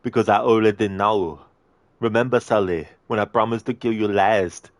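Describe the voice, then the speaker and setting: A man putting on a slow, menacing action-hero voice. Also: lowish voice, steady tone, no room sound, lightly acted. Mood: deadpan. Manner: slow, heavy, menacing delivery. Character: gruff tough-guy action hero, male, adult, menacing.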